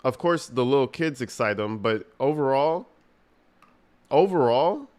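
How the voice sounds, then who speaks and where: A man's voice: medium pitch, expressive, unhurried, darkish tone. Crude, mocking male streamer. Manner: crude, mocking, rambling with slang. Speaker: streamer reacting to a clip. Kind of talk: casual livestream commentary.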